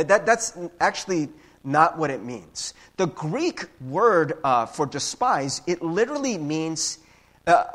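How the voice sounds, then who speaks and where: A male pastor preaching a casual, conversational sermon. He keeps tagging his points with "right?" and sometimes acts out quick little voices. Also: slightly rough. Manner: casual, animated preaching with frequent "right?" tags; acts out voices with big pitch jumps.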